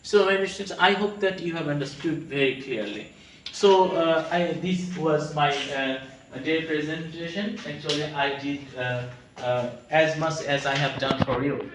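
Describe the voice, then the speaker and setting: A man's voice: on the high side, background noise. Hesitant male teacher in an echoey room. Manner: hesitant, many pauses and repeated phrases; addresses listeners fondly as students. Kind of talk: classroom grammar lecture. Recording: echoey room, mic at a distance.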